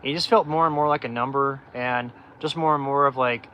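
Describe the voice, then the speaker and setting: A man's voice: medium pitch, steady tone, brisk, muffled recording, a little hiss or hum. A middle-aged man hosting a livestream, telling his life story in a candid, rambling way with lots of fillers and restarts. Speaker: off-grid channel host.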